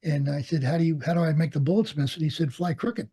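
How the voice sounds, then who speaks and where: An older American man, a Vietnam veteran pilot, reminisces about flight training in an oral history interview, his voice relaxed and husky yet fairly high-pitched and quick. An animated storyteller, he acts out quoted dialogue and laughs often.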